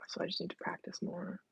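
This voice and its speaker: A woman's voice: on the low side, gravelly, darkish tone, breathy edge, no room sound. A young adult woman hosting a casual live stream from home, chatting and reading viewer comments aloud.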